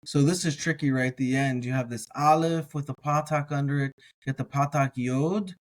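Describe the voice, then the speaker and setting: Male teacher, very slow pace, sounds out syllables one by one, relaxed explainer. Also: mid-range voice, poor audio. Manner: slow, careful syllable-by-syllable pronunciation with casual asides. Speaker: biblical language teacher. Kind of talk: slow word-by-word reading lesson.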